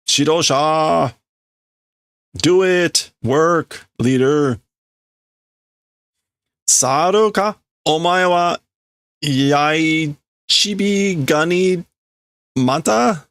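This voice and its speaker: A man barking as angry workers yelling at their boss. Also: a little high, extremely slow, long pauses, clear, resonant tone, dry recording, voice pushed up, exaggerated voice. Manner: harsh, barking insults. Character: angry workers shouting abuse at their leader. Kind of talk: reading manga dialogue aloud.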